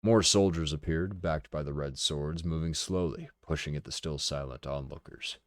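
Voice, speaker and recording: Man, very deep voice, book reading on stream, deliberate, dry close mic. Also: no room sound. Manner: steady, deliberate narration with occasional swearing asides. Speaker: streamer reading a novel aloud. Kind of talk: dramatic book reading with casual asides.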